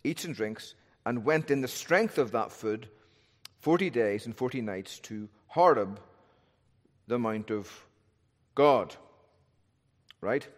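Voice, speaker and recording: A man's voice: mid-range voice, expressive, slow, long pauses. A male pastor preaching an expository sermon in a thoughtful, conversational way, often posing rhetorical questions. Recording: long reverb of a large hall.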